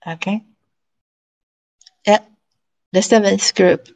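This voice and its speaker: A woman teaching an online language class, slowly and patiently drilling syllables and tones for her students to repeat. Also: medium pitch, fairly even intonation, darkish tone, rough recording.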